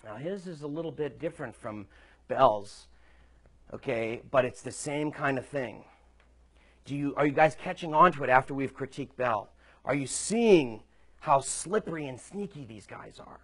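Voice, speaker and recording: A man's voice: mid-range voice, normal speed, fairly bright tone, slightly rough. A male preacher delivering a sermon, telling a story conversationally with emphatic points.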